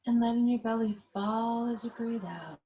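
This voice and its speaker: A woman yoga instructor leading a class over a webcam, giving calm, slow guided instructions. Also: on the high side, rough recording.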